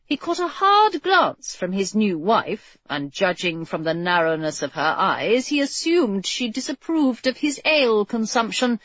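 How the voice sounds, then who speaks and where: A woman's voice: mid-range voice, very animated, unhurried, few pauses, fairly bright tone, no room sound. A woman narrating a storybook in a wry, playful scripted read. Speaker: audiobook narrator. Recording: dull lo-fi, dry.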